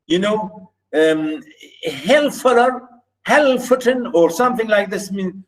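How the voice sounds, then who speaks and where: A man's voice: sits high, lively intonation, measured pace, low-quality recording. A man teaching a literature lesson, explaining a passage by restating points again and again with emphasis. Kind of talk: recorded literature lecture.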